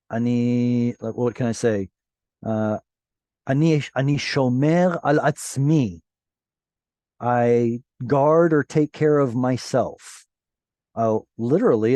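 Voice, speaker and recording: A man teaches a language class over a video call, working through the text word by word. His pace is unhurried and his pitch sits in an ordinary middle range. The sound is dry and close, with no room echo. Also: mellow. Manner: patient, explains word by word, self-correcting. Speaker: Hebrew teacher.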